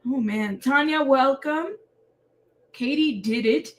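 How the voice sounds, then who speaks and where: A woman's voice: high-pitched, slow pace. A tired woman hosting a casual livestream and greeting viewers by name. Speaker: livestream host.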